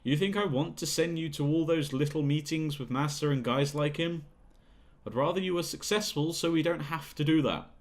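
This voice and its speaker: A man's voice: a little high, moderate pace, close to an everyday voice. A man voicing a manipulative, bullying male talent manager who talks down to a young singer, in a video game playthrough. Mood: coaxing. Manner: condescending, bullying, sneering.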